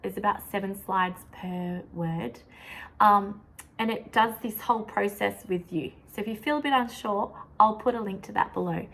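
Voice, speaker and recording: A young woman, a teacher showing how she teaches a lesson, with a clear, sing-song classroom voice that sounds out words slowly. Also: medium pitch, fairly bright tone, rough recording.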